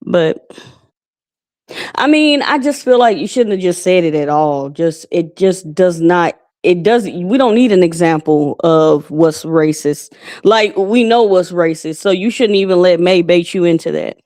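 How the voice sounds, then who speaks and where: A woman's voice: fairly low pitch, animated, measured pace, a little mellow. Chatty woman hosting a live stream. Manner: chatty, rambling, says honey. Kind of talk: casual live-stream commentary.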